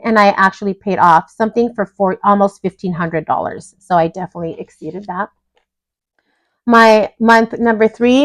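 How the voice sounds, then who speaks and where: A woman's voice: mid-range voice, dry recording, rough recording. A woman in a casual budgeting vlog, reviewing her own goals at home in a chatty, apologetic way with frequent restarts. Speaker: budgeting vlogger. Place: home room with dogs nearby.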